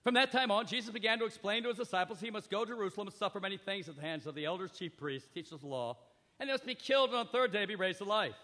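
A high-pitched, bright-toned man preaches with big swings in loudness and emphasis. He often turns to the listeners with direct questions. The sound carries a long reverb, as if in a large hall. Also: animated, racing. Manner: addresses the audience directly with questions. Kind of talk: sermon with scripture reading.

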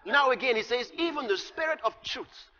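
Man preaching, very high voice, piercing bright tone, long hall reverb, dull lo-fi sound. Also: animated, moderate pace. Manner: emphatic preaching, rises to shouts on key lines. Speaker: pastor. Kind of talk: sermon.

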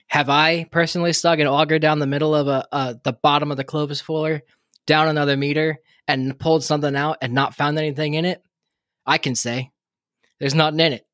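A man's voice: a little high, fairly bright tone, dry recording, studio quality. A man co-hosting a podcast in casual chat, rambling and joking with lots of fillers and laughs. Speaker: podcast co-host.

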